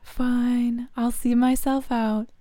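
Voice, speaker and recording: A woman playing a breathy obsessive fan. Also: fairly high pitch, flat delivery, slow, no echo. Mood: creepy. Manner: hushed, breathy whispers.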